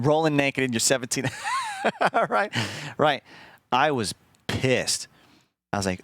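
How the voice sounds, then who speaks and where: A man streaming, telling a story casually to his chat in an animated, profane way, acting out the lines he quotes. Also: medium pitch, a little slow, dry recording.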